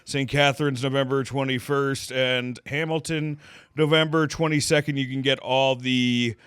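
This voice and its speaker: A man's voice: mid-range voice, steady tone, normal speed, fairly bright tone, clean tone, no room sound. An American man co-hosting a podcast, loose and profane, joking at his own expense. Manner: loose, profane, self-mocking. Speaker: podcast co-host. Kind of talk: casual banter.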